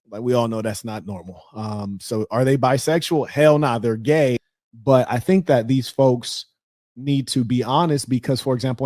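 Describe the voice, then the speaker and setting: A middle-aged man hosting a relationship advice livestream, talking candidly and telling stories with loud, animated outbursts. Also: mid-range voice, no echo, clean studio sound. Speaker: host of a relationship advice show. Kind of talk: casual livestream talk reading viewer messages.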